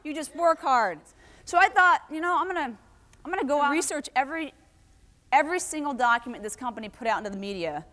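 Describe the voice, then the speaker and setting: A woman giving a lively motivational talk to a live audience, telling stories and asking the crowd questions. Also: sits high, fast. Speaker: keynote speaker. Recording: long hall reverb.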